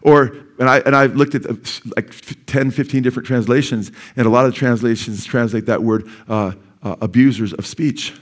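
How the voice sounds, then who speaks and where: A male pastor delivering a sermon in a church sanctuary. His voice sits at an ordinary middle pitch. He preaches earnestly and urgently, and his voice climbs sharply when he stresses a point. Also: steady tone, moderate pace, hardly any pauses. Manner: earnest, urgent preaching with sudden emphatic rises.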